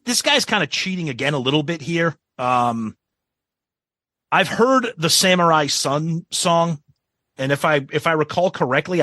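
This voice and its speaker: A man's voice: a little high, pushed and bright, no echo. A man co-hosting a podcast in casual chat, hesitant, with many ums and restarts. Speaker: podcast co-host.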